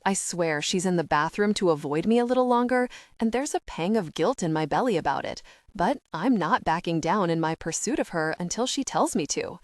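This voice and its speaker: Woman reading a romance audiobook, low-ish voice, dry close mic, calm and intimate. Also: fairly quick, dry recording. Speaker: audiobook narrator. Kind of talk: first-person romance narration.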